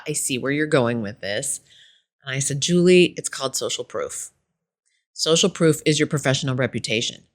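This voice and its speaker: Woman podcast host telling a coaching story. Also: low voice.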